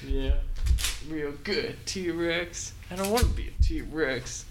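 A man's voice: a little high, slow pace, noisy background. A man co-hosting a comedy podcast, casual and mock-indignant, swearing and joking sarcastically. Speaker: podcast co-host.

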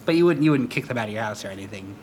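Male podcast co-host, lively wry delivery with a swooping voice, noticeable background hiss. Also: medium pitch, rapid-fire. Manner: wry, drawling, reads questions aloud. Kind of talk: casual comedy chat.

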